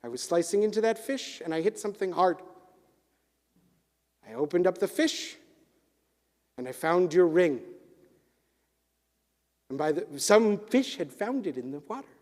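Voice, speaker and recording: A humble, devout shopkeeper talks in a gentle, earnest way, as a man acts him out. The voice sits high, and the long reverb of a chapel trails behind the story. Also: expressive, a little slow, long pauses. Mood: calm explaining. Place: synagogue chapel.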